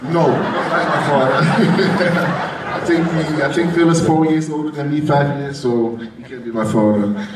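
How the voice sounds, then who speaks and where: Guy with a brooklyn accent, rambling and emotional, kinda high voice, echoey hall from far off. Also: fairly even intonation, unhurried, crowd noise. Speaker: bodybuilding competitor. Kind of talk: emotional press conference remarks.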